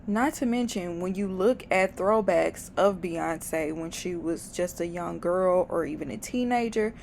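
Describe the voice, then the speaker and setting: A woman's voice: on the low side, unhurried, vocal fry, darkish tone, a little hiss or hum. A woman vlogger talking through her casual commentary in a chatty, opinionated way, often breaking into laughs.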